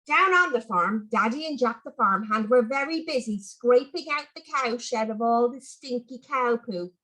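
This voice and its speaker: A woman reading a children's story aloud in an expressive, animated way. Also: on the high side, unhurried, low-quality recording.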